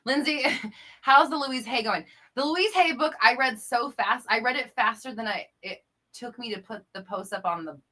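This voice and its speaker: A woman's voice: on the high side, moderate pace, bright, forceful tone. A woman hosting a casual live-stream chat, reading out viewer comments, chatty and playful with frequent laughter. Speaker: host and coach.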